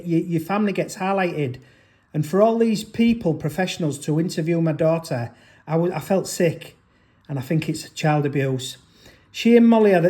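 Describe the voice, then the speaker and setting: Father vlogging, high voice, aggrieved and rambling, keeps restarting sentences. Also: a little mellow. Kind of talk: emotional personal storytelling.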